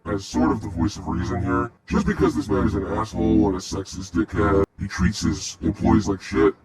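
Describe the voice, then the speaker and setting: A man's voice: lowish voice, steady tone, normal speed, darkish tone. A man playing in a tabletop game, crude and exasperated, sometimes sarcastic. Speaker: player. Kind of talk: casual tabletop play.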